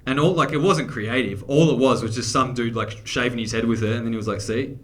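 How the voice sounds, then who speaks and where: A man's voice: medium pitch, quick pace, fairly bright tone. A man with an Australian accent performing a crude, self-mocking stand-up comedy set on a theatre stage.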